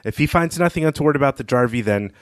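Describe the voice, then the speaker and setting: A man's voice: mid-range voice, animated, quick pace, no echo, studio quality. A man co-hosting a podcast, giving thoughtful, analytical commentary in a casual discussion. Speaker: podcast co-host.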